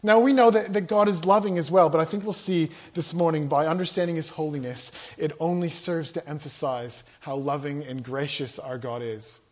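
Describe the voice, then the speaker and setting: High-voiced preacher, loud then hushed. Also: male voice, fairly even intonation. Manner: swings between loud emphatic passages and hushed, low, slow reading. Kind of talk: sermon to a youth audience.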